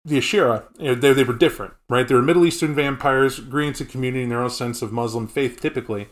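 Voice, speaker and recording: A man's voice: medium pitch, fast talker. A man co-hosting a casual podcast, explaining tabletop game lore in a rambling, conversational way. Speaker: podcast co-host.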